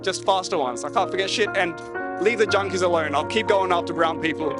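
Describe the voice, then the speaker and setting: A nervous Australian man from Canberra talks plainly about his set. His voice is slightly higher than usual for a man. Loud music plays clearly behind him. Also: brisk. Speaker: comedy contestant. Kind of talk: backstage interview.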